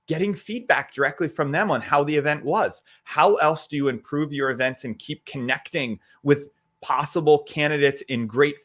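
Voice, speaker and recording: A male co-host speaks over a video call at a mid-range pitch. He recaps a session enthusiastically and conversationally, with small fillers as he thinks aloud. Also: fairly bright tone. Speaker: event co-host. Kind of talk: recapping a session on a live virtual event.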